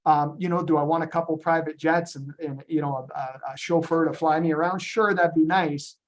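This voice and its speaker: A man leading a business presentation on a group call, animated and storytelling, with frequent ums and retold dialogue. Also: fairly high pitch, brisk. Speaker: company founder presenting to agents on a call.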